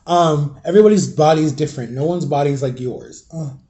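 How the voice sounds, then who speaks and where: A young man talking straight to his viewers in a loose, rambling vlog, confiding and full of fillers. His voice is a touch higher than most men's, but soft and dark in tone. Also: brisk. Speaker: vlogger. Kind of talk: casual storytelling vlog.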